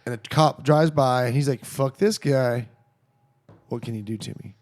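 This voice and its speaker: A man's voice: medium pitch, quick pace. A man co-hosting a podcast, ranting bluntly and swearing often in casual chat.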